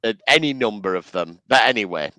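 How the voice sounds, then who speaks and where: Smooth-voiced man explaining wrestling enthusiastically. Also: on the low side, expressive, a little fast, sharp tone, no echo. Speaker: wrestling fan co-host. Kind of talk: casual chat.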